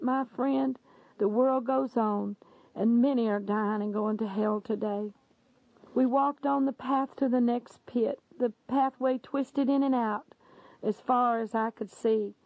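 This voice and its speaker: Gravelly-voiced woman reading solemnly. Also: fairly high pitch, dry recording. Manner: earnest, solemn storytelling. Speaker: reader of a religious testimony. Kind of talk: dramatic reading aloud. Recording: dull lo-fi dry recording.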